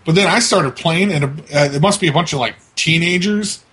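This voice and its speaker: A man's voice: a little high, normal speed, fairly bright tone, slightly rough. A man hosting a prank-call show, telling stories casually, laughing and cursing a lot, on a computer mic. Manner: profane, laughing storyteller. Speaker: podcast host. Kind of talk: casual chat, prank calling.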